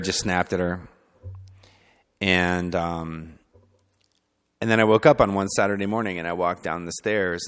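A man telling a story from his childhood in a loose, conversational way, full of fillers, sometimes soft and sometimes emphatic. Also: low-pitched, smooth. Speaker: speaker sharing personal testimony. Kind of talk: personal storytelling talk. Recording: long hall reverb.

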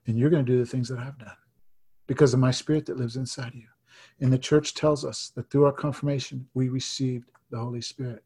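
A man in his fifties preaching, telling his own testimony earnestly, shifting between hushed and emphatic delivery. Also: medium pitch, slightly rough. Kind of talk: sermon testimony.

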